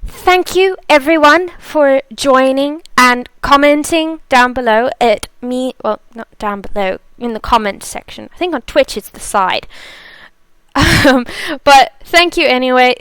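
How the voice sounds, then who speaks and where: A woman's voice: high-pitched, unhurried, a bit bright, smooth, dry recording. A woman from South Africa hosting a live stream, chatting casually, laughing and reading out viewer comments. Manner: chatty, laughs often, reads chat aloud.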